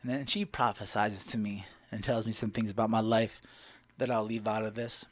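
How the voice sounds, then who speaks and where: A man's voice: fairly low pitch, steady tone, moderate pace, no room sound. Blunt, emphatic man telling a story. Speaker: vlogger. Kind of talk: personal storytelling.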